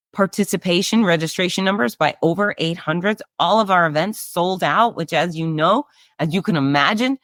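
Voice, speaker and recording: A middle-aged woman hosting a casual solo chat, upbeat and breezy, her voice nasal and hoarse. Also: sits low, a bit bright, no room sound, studio quality. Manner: chatty and upbeat, breezy asides. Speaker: race announcer and show host.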